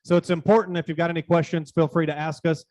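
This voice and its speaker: A man's voice: fairly high pitch, level tone, quick pace, a little mellow. A man hosting a conference event, giving informal, rambling announcements with fillers. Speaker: event host.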